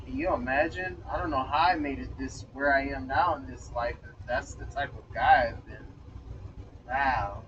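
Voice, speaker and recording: A man's voice: medium pitch, a bit bright, distant mic, muffled recording, a little hiss or hum. A man ranting casually with exasperation, swearing a lot and breaking into laughter. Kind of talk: casual profane rant.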